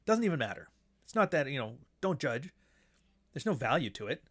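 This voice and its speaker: A man's voice: mid-range voice, big pitch swings, fairly quick. A man hosting his own show in a casual monologue, blunt and profane, who now and then mocks others in put-on voices. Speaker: show host.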